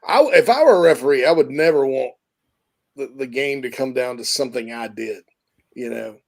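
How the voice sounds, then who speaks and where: A man's voice: medium pitch, moderate pace, creaky. A man hosting a casual sports talk show, rambling and thoughtful, correcting himself as he goes.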